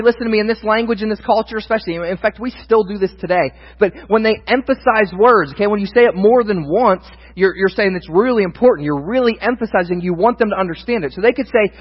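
A male pastor delivers a sermon in a high voice and at a fast clip, sometimes candid and thinking aloud, then rising to emphatic proclamation. The sound is dull, with a long hall reverb.

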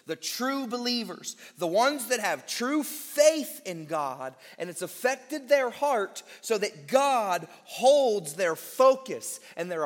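Male pastor, sermon delivery, unhurried and emphatic, lively pitch. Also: long reverb tail. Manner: emphatic preaching, slows on key words, quick asides.

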